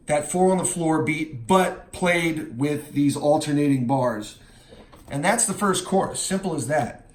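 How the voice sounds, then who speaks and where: Slow-talking man teaching drums. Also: on the high side. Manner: counts beats aloud and scats drum parts. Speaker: drum teacher. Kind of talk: instructional walkthrough. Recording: roomy, with music playing.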